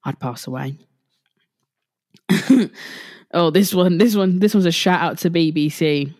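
A woman's voice: lowish voice, a little slow, darkish tone. A young woman hosting a casual solo podcast, talking in a chatty way, repeating herself and swearing freely. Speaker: podcast host.

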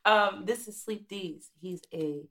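A woman's voice: mid-range voice, takes it slowly, fairly bright tone. A woman introducing a guest on a podcast, listing his credits in an upbeat, casual way. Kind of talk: casual chat.

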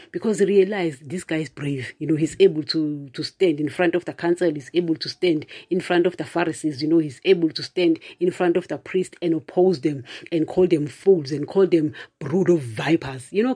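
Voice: mid-range voice, mellow, breathy edge. Chatty preacher speaking to online viewers. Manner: chatty, addresses listeners as "guys", frequent "you know"; laughs often, with emphatic asides. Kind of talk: casual spoken preaching to viewers.

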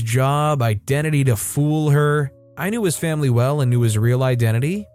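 A man narrating online stories in a casual, lively reading style. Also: mid-range voice. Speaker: story narrator.

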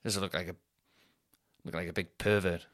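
A man's voice: low-pitched, fairly even intonation, moderate pace, dry recording, studio quality. Rambling man in his thirties. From North East England. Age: 30s. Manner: rambling and sweary, thinks out loud. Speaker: podcast host. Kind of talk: casual solo podcast chat.

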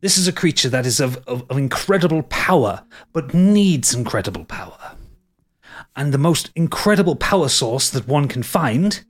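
Guy doing an excitable vampire scholar, lectures fast, keeps going "yes?". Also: mid-range voice, natural voice. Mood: lecturing. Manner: lecturing, eager, asks "yes?" often. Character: eccentric male vampire scholar, weakened, excitable.

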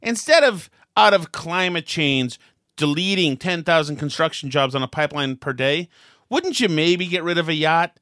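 A man's voice: on the high side, animated, normal speed, bright, forceful tone, dry recording, studio quality. A man hosting a political talk show, ranting with sarcastic exasperation. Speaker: host.

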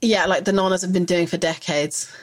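A woman's voice: lowish voice, steady tone, fairly quick. A woman co-hosting a podcast in casual chat, rambling along and laughing often as she talks through a recipe. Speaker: podcast co-host.

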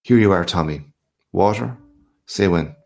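Boastful hearty newsman read by a man, low gravelly voice, big swaggering talk. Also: measured pace, heavily acted. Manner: boisterous, swaggering, lively questions. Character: boastful hearty male journalist back from abroad.

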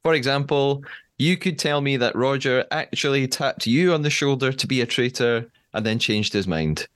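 A man's voice: medium pitch, normal speed, a bit bright, smooth. A man hosting a podcast, chatting casually and laughing often with his guest. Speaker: podcast host. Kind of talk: casual interview chat.

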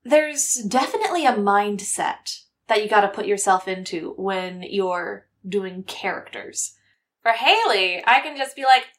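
A voice actress speaking playfully in a casual interview, cursing freely. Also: female voice, mid-range voice, animated, measured pace, a bit bright. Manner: playful, swearing, laughing.

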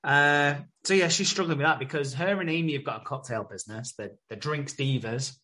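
A man's voice: a little high, brisk, sharp tone. A man, co-hosting a podcast and retelling a soap episode in casual, sweary chat. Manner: swears freely, retells scenes with quoted voices. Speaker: podcast co-host.

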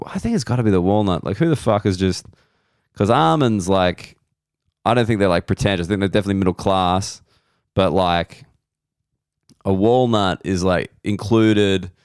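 Rambling Australian man, low and smooth. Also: no echo, studio quality. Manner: rambling, profane, self-mocking asides. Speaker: podcast host. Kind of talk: casual comedic monologue.

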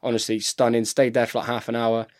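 A man's voice: medium pitch, level tone, fast, darkish tone. A man in his thirties, a rugby player chatting casually as a podcast guest, telling stories and saying "mate" all the time. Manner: chatty storyteller, says "mate" constantly. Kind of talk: casual chat.

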